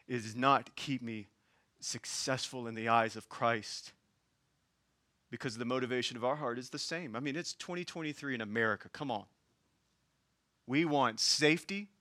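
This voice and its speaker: A man with a Southern US accent preaching a sermon as pastor, passionately shifting between hushed and raised delivery. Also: medium pitch, moderate pace, pauses often, no echo.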